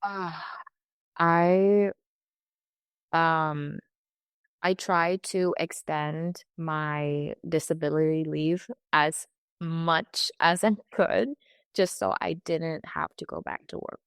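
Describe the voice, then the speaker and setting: Interview guest, young woman, low smooth voice, halting and emotional, dry close mic. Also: no room sound. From California. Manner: halting, emotional, many restarts and quoted asides. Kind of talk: candid personal account.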